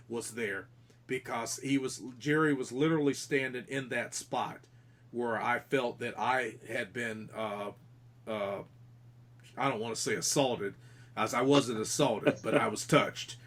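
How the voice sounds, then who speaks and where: A man's voice: medium pitch, fairly bright tone. A man on a podcast earnestly telling, in detail, about a ghostly encounter during an investigation, often restarting his sentences. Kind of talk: casual podcast storytelling.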